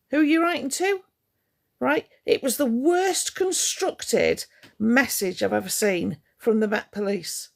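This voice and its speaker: Cross, sarcastic woman with a gravelly voice. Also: on the high side. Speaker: livestream host. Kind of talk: ranting livestream talking to chat.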